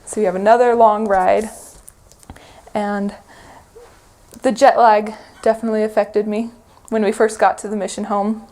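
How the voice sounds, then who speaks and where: A woman's voice: mid-range voice, level tone, normal speed, dark tone. A woman in an interview recounting a long journey, chatting and laughing lightly as she goes. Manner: chatty, laughing between phrases. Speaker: interviewee recalling mission travel. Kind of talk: recorded interview storytelling.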